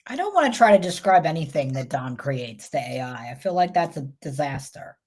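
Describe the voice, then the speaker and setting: A woman's voice: deep voice, very animated, a little fast, a little mellow. A woman with a New York accent co-hosting a casual livestream chat, talking in a rambling, self-interrupting way. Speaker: co-host.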